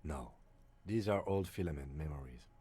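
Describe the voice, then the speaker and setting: Composed detective partner in a game; very low, mellow, precise. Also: male voice, moderate pace, dry recording, full character voice. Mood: measured. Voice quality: dark, husky, very deep. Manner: calm, precise, dry. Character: calm, measured male police lieutenant partner.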